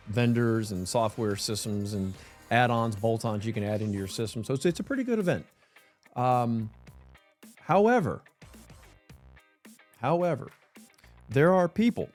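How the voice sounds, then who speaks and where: A man from Georgia hosting a podcast interview, talking in a chatty, rambling way with quick asides. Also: mid-range voice, a little mellow. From Georgia, USA. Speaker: podcast host. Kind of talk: conversational interview.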